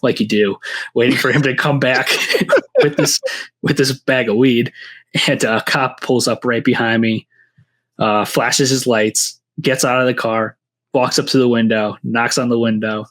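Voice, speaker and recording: A man tells casual stories as a podcast guest. His voice sits at a middle pitch. He rambles, scattering "like" and restarting his sentences. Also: steady tone, unhurried, a bit bright. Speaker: podcast guest, seed breeder. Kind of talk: casual storytelling.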